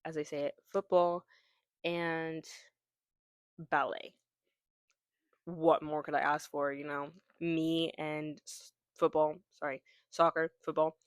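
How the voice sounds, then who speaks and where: A woman's voice: low-pitched, flat delivery, slow, long pauses, dry recording. Chatty woman rambling about books, keeps correcting herself, dry room. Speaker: booktuber. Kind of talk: casual chat about books.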